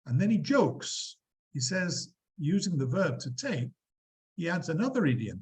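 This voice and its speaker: A man lecturing a university class, explaining examples with animated emphasis and quizzing students. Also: fairly high pitch, unhurried, low-quality recording. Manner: lively, quizzing students, acting out quotes.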